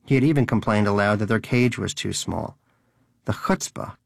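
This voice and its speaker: A man's voice: on the low side, a little fast, gravelly, background noise. A man narrating a comic story in a dry, wry storytelling manner. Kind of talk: audiobook narration.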